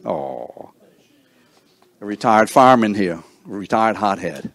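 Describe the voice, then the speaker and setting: A man's voice: lowish voice, expressive, measured pace, fairly bright tone. An older man hosting a seniors breakfast, introducing guests one by one with playful teasing and stumbling over names. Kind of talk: introducing people in a room, joking.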